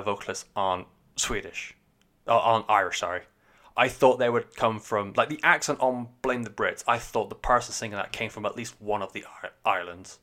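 A man's voice: fairly low pitch, fairly bright tone. Sweary, rambling man reviewing music. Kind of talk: casual spoken album review.

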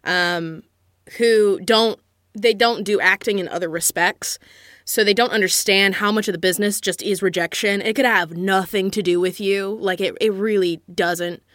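A woman's voice: mid-range voice, steady tone, normal speed, a bit bright, no echo, clean studio sound. A woman voice actor chatting casually and emphatically on a podcast. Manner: chatty, emphatic, laughs often. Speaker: voice actor guest. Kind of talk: casual chat.

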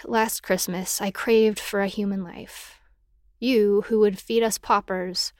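A woman's voice: medium pitch, steady tone, a little slow, no room sound, clean studio sound. A woman giving a dramatic poetry recitation in an impassioned, mournful and bitter manner.

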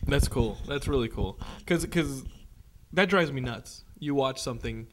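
Excitable laughing man hosting a podcast. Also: mid-range voice, unhurried. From Texas. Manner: excitable, laughs often, swears casually. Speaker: podcast host. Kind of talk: casual chat.

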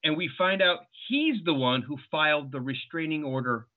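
A man's voice: on the high side, moderate pace. A man guest on a podcast, explaining points at length in casual film talk and acting out short quotes. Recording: tinny phone-like line.

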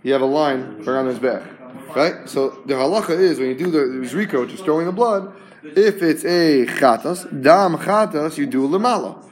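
A man leads a Talmud class, his voice sitting a little high. He explains with rhetorical questions, repeats words as he goes, and translates each Hebrew term for his students. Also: lively intonation, moderate pace. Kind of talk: lively Talmud class teaching.

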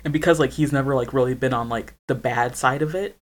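A podcast co-host chatting casually, pausing and searching for words. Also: medium pitch. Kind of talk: casual chat.

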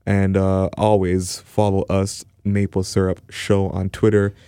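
A man from Canada co-hosting a podcast, chatting casually and joking, with quick restarts and fillers. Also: low voice, monotone, dark tone, clear, resonant tone, no room sound, studio quality. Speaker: podcast co-host. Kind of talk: casual chat.

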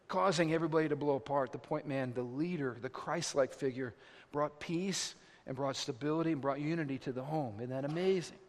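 A male pastor with a high, ringing voice preaches in an animated, dramatic way and jokes at his own expense. His words echo with a long reverb through a large hall. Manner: animated, dramatic, self-mocking humor. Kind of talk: sermon.

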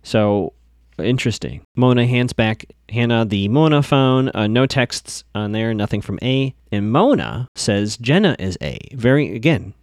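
A man talks through a TV episode on his podcast, rambling and chatty, stopping and restarting as he goes. His voice sits at an ordinary middle pitch. The sound is close and dry, with no room in it. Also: lively intonation, measured pace, darkish tone, no room sound. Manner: chatty, digressive, many fillers and restarts. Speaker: podcast host recapping a TV episode. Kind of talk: casual recap podcast.

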